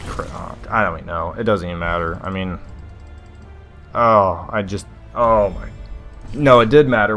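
A man's voice: low voice, a bit bright. A young adult man venting as a gaming streamer, giving exasperated live gameplay commentary full of mild oaths in place of swears.

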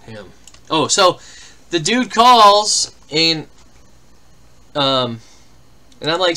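Guy hosting a card break stream, kinda high bright voice, rambling chatty stories. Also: big pitch swings, extremely slow, pauses often. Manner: rambling anecdotes, then listing name-team pairs. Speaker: live stream host running a card break. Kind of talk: casual live-stream chat.

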